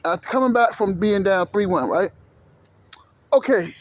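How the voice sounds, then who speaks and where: High-pitched dude going off about basketball fans, cussing a lot, dry close sound. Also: male voice, measured pace, dry recording. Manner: profane, animated, repeats "right?". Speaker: vlogger, sports commentator. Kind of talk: casual ranting sports talk. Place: sitting at home doing laundry.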